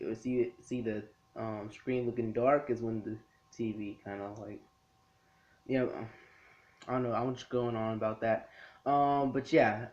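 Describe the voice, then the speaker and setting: A man's voice: medium pitch, darkish tone, muffled recording. A man casually reviewing anime episodes in his room, rambling and acting out characters' lines. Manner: rambling, acts out characters' lines in quick bits. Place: his own room lit by a TV.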